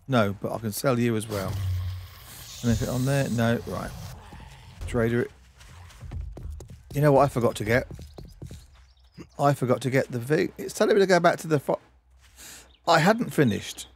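Male game streamer, mid-pitched voice, rambling running commentary, faint noise behind. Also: moderate pace, pauses often. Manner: chatty, talks to himself and to objects in the game. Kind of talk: let's-play commentary.

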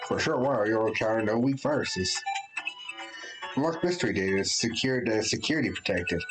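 A man's voice: fairly low pitch, fairly quick, low-quality recording. A man hosting a let's play, casually reading game text aloud and chatting as he plays. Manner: relaxed, chatty, thinks aloud with restarts. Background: game music.

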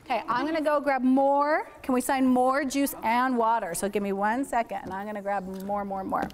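Her fairly high voice stays steady at a moderate pace as she runs a toddler signing class indoors. Upbeat throughout, she encourages and praises the little ones and talks with their parents.

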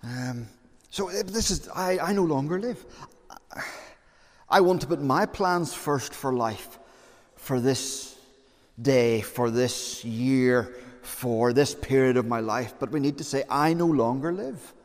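A man's voice: medium pitch, slow. A man preaching a sermon as pastor, earnest and conversational, with fillers and repeated phrases. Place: church. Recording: long church reverb.

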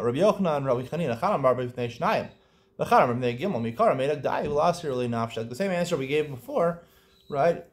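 A man teaching a Talmud lesson, explaining quickly and lifting into a chanting lilt on quoted Aramaic, with frequent restarts. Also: medium pitch. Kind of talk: daf yomi study lesson.

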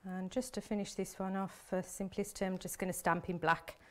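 A woman's voice: mid-range voice, little pitch movement, a little fast. A chatty woman leads a live card-making demonstration. She talks easily through each step while her hands keep working. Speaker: craft demonstrator.

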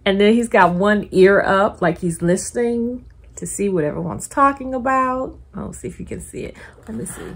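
A middle-aged woman chatting casually through an unboxing, gushing and repeating her delight in an excitable way. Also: mid-range voice, moderate pace, vocal fry, breathy edge. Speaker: collector YouTuber.

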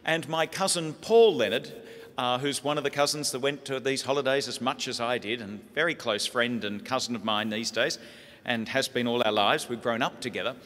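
An Australian priest telling funny family stories in a lively sermon talk. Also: male voice, mid-range voice, moderate pace. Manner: lively comic storytelling. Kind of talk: humorous sermon storytelling. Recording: echoey hall.

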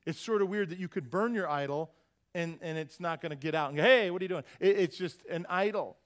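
A male pastor preaches to his congregation in a fairly high voice. He keeps tossing questions out to the pews and drops in folksy, joking asides between points. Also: a little fast. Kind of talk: sermon. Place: church service.

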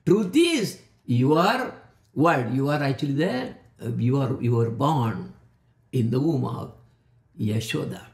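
A man giving a devotional talk, often repeating words as he searches for them and chanting verses slowly. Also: high-pitched, reverberant. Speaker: spiritual speaker. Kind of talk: devotional discourse.

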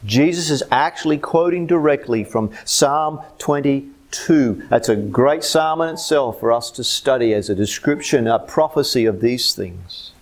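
A man with an Australian accent preaching a sermon as pastor, swinging between loud emphatic lines and low hushed ones. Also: unhurried, few pauses.

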